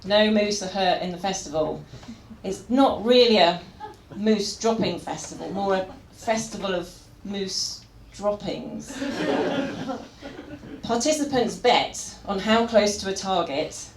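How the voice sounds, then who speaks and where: A woman's voice: medium pitch, takes it slowly. Wry woman doing stand-up in an echoey room. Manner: wry, pun-heavy, chats with the audience. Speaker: stand-up comedian. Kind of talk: live stand-up set. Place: comedy venue stage. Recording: echoey venue with crowd noise.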